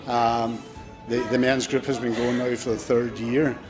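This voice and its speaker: A man's voice: mid-range voice, level tone, a little slow, music in the background. A man speaking as an organiser of a men's group, explaining plainly and steadily.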